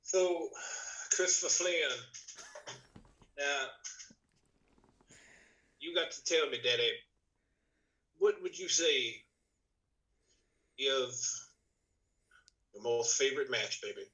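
A man's voice: medium pitch, slow, pauses often, bright, forceful tone, rough recording. A man putting on a brash male pro-wrestler persona, with a swaggering wrestling-promo drawl.

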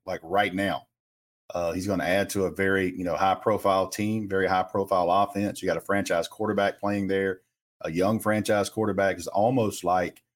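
A man giving his views in a casual sports conversation, rambling with lots of fillers. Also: low voice.

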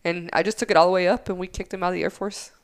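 A woman's voice: fairly low pitch, fairly even intonation, very fast. A woman in her thirties from the United States, a former Air Force instructor, telling stories in casual podcast chat, acting out both sides of arguments and swearing freely.

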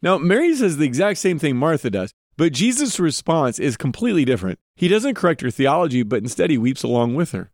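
A man's voice: a little high, big pitch swings, a little fast, few pauses, darkish tone, no room sound, clean studio sound. A man hosting a podcast, giving earnest devotional Bible teaching and putting direct questions to his listeners.

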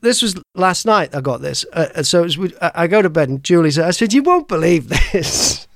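A man's voice: on the high side, expressive, quick pace, dry recording, clean studio sound. A man hosting a podcast, telling personal stories in a rambling way, with lots of restarts and laughs. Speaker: podcast host. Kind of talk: casual chat, personal storytelling.

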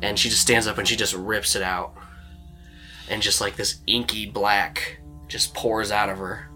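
A man's voice: on the low side, flat delivery, a little slow, sharp tone, faint music behind. A man narrating a tabletop role-playing game as game master, in a loose storytelling way with lots of fillers.

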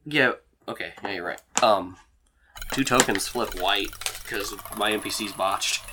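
A man's voice: fairly low pitch, unhurried, noisy background. A man narrating as game master, rambling with lots of fillers. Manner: rambling, filler-heavy, relaxed.

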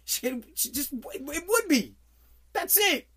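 A man, ranting casually on air, blunt and profane, flaring into loud bursts. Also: very high voice, very animated, takes it slowly. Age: 40s. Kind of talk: casual rant.

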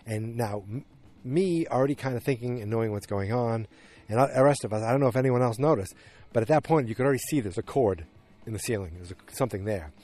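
A man's voice: mid-range voice, quick pace, darkish tone. A man hosting a podcast, retelling a TV episode in a casual, meandering way with many restarts and fillers. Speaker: podcast host recapping a TV episode. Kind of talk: casual recap monologue.

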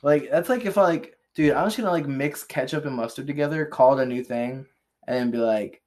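A man's voice: mid-range voice, a little fast, a little mellow. Young man reading dates off a list. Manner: reads "on this day" entries off a list, then cracks dry jokes. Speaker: podcast co-host reading historical dates. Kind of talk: casual comedic chat.

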